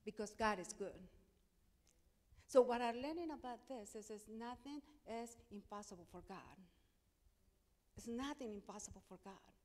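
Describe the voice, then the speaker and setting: A woman's voice: fairly high pitch, normal speed, long pauses. A middle-aged woman pastor with a Spanish accent, telling her testimony in a sermon and acting out the dialogue with emphasis. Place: church sanctuary. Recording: long hall reverb.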